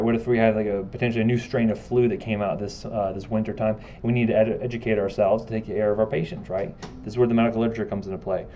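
A man's voice: on the low side, dark tone, lo-fi sound, slight background noise. A man giving a casual classroom lecture, joking and asking his students questions.

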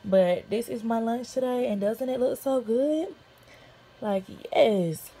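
Slightly high, slow and mellow with a touch of roughness, this young woman's voice carries a casual vlog recorded on her phone. Chatty and somewhat out of breath, she addresses her viewers as "y'all."

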